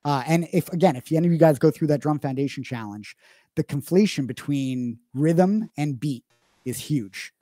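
A man's voice: a little high, normal speed, mellow, no echo, soft background music. A man explaining drumming as a teacher in a live online Q&A lesson, talking emphatically with frequent restarts. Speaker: drum teacher.

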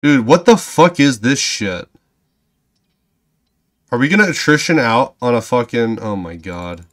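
A man's voice: lively intonation, unhurried. Swearing man ranting over gameplay. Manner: profane, swings from low muttering to loud ranting; sarcastic self-talk. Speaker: gaming channel host. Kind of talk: gameplay commentary.

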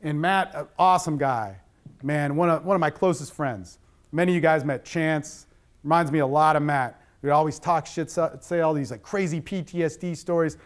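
A man's voice: on the high side, normal speed. A middle-aged man giving a talk on addiction with slides, speaking bluntly and conversationally with plenty of swearing.

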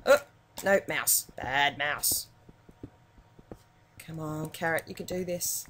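A woman with an Australian accent giving chatty, excitable commentary while playing a video game as a YouTuber. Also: low voice, slow pace, long pauses, slight background noise. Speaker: gaming YouTuber.

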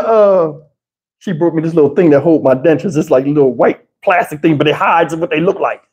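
A man hosting a livestream, telling a story in a casual way that is animated and profane, with frequent laughter. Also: a little high, normal speed. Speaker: livestream host. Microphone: wireless lapel mic.

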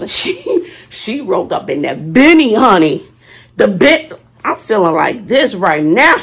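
Lively, husky-voiced woman vlogging. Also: on the high side. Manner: playful, swings from loud to hushed, talks to herself. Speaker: vlogger, teacher. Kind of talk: casual vlog talk to viewers.

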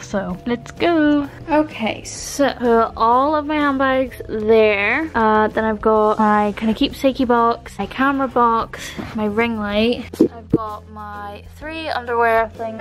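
Young British woman, higher voice, upbeat, rambling, casual vlog, bedroom, phone mic. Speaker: vlogger.

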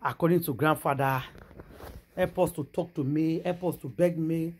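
A woman with a Nigerian accent telling a gossip story in a casual vlog, animated and exclamatory, mixing Pidgin and English. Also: sits low, normal speed, slight background noise. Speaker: gossip vlogger.

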